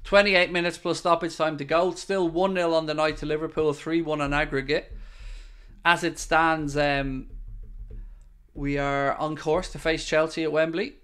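An Irish man with a Dublin accent hosting a live football watchalong, reacting excitedly to the play and chatting back to viewers. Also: fairly high pitch, normal speed, clear, resonant tone. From Ireland. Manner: chatty, answering viewer comments. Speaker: watchalong host.

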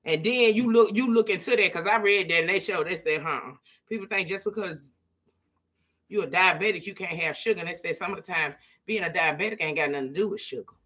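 Woman, casual vlog chat, folksy and talkative, bright tone. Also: fairly low pitch, fairly quick. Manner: chatty, folksy, laughs often, addresses viewers as "girl" and "y'all". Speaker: vlogger. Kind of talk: casual chat to viewers while eating.

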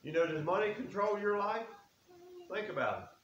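A man's voice: high-pitched, sing-song, normal speed, fairly bright tone, highs cut off. A man preaching a sermon in a church, folksy and earnest, reading scripture aloud. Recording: echoey room with faint hiss.

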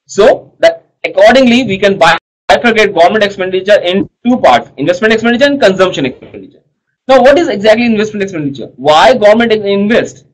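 A man's voice: high-pitched, poor audio. A man teaching economics to a class. He talks in a chatty way, full of fillers, and keeps checking whether the students follow.

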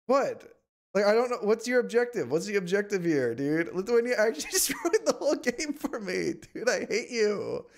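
A man streaming a strategy game, complaining in exasperated, whiny outbursts and sometimes shouting at the screen. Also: high-pitched, big pitch swings, brisk. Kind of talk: live gameplay commentary.

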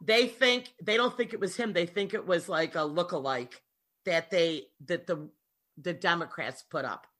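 A woman's voice: lowish voice, moderate pace. A woman co-hosting a casual podcast, chatting and reacting expressively. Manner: expressive, reacts with gasps and exclamations. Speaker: podcast co-host. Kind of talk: casual gossip chat.

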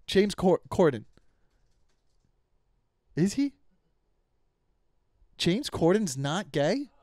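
A young man rants on his comedy podcast in a slightly high voice, swearing freely and tripping over his own sentences as he restarts them. The sound is close and dry, with no room around it. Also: a little mellow, no echo. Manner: profane, rambling with many restarts. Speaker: podcast host. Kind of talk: casual comedic rant.

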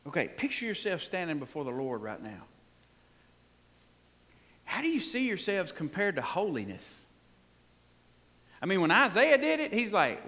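Folksy pastor preaching with reverb. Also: male voice, a little high, sing-song, normal speed, long pauses, sharp tone. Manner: folksy, emphatic, with frequent laughs and call-and-response. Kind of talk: sermon. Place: church sanctuary. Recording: long hall reverb in a church.

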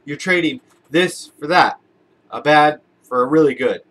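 A man's voice: a little high, unhurried, a bit bright. A man giving a casual motivational talk to camera as a vlogger, conversational and repetitive, using everyday examples. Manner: conversational, repeats phrases, uses everyday examples. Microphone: camera-mounted shotgun mic.

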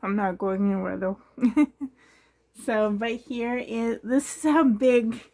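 A woman's voice: on the high side, fairly even intonation, takes it slowly, dark tone. A woman chatting casually in a home nursery, rambling and gushing, often laughing. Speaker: doll collector vlogger. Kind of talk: casual rambling vlog chat.

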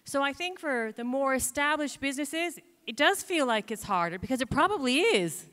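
Woman, motivational speaker, fairly high voice, vivid bright tone, long hall reverb. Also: normal speed. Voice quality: animated storytelling, acting out her own complaints. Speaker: keynote speaker. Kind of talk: motivational stage talk.

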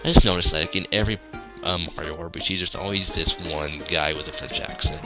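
A man's voice: low voice, fast. A man giving casual, hesitant commentary over a role-playing game and reading its dialogue aloud. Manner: hesitant, many fillers and restarts. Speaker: let's play commentator. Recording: game music underneath.

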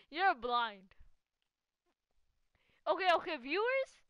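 This is a high-pitched woman hosting a gaming channel, commenting casually on live gameplay. She gets excited easily, laughs a lot and pokes fun at a teammate, and there's no room sound in the recording.

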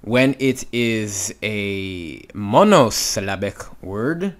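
A man's voice: lowish voice, animated, extremely slow. A man teaching Hebrew reading, patiently sounding out letters and syllables step by step. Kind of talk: instructional walkthrough.

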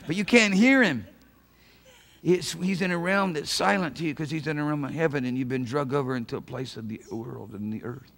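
A man preaching a sermon as pastor of a church, fervent, swinging from hushed passages to shouted calls. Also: on the high side, a little fast, creaky. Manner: acts out quoted voices of God. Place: church sanctuary.

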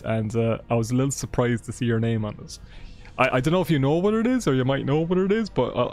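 A male streamer in a mid-pitched voice rambles through live gameplay commentary, chatty and loose, swearing and joking with his chat. Game music plays faintly underneath. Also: darkish tone.

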